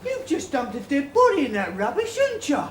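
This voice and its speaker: A stubborn, grumbling binman in a sitcom, whining and bristling in a high, jumpy voice. There is room echo, with audience noise behind it. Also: wildly swooping pitch, fairly quick, heavily acted. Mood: indignant. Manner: belligerent, whiny complaining.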